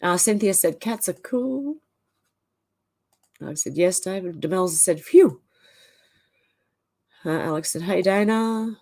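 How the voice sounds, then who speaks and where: A woman's voice: on the low side, expressive, unhurried, a little mellow. A woman with an Australian accent hosts a livestream and reads viewer comments aloud, answering them in a casual, chatty way. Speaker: livestream host.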